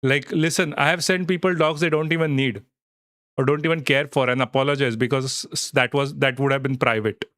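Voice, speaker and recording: A man's voice: mid-range voice, fairly even intonation, brisk, fairly bright tone, no echo, studio quality. A man hosting a casual live stream, talking in a rambling, reassuring way and swearing now and then. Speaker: livestream host.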